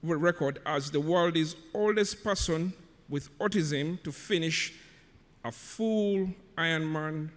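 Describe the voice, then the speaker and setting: A man serving as emcee, formally reading out a speaker's introduction in a measured way. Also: fairly high pitch. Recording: long hall reverb.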